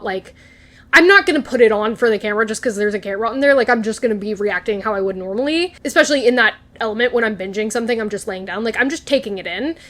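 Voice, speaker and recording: A young woman with a high, bright voice talks through a TV episode in a casual vlog. She gushes and gets animated, with frequent laughs and casual swearing. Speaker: recap vlogger. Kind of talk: casual chat, excited TV recap.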